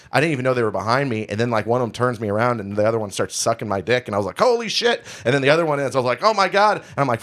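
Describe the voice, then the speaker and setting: A man from Houston, a podcast co-host, telling a candid, rambling, self-deprecating story in casual chat. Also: medium pitch. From Houston, Texas.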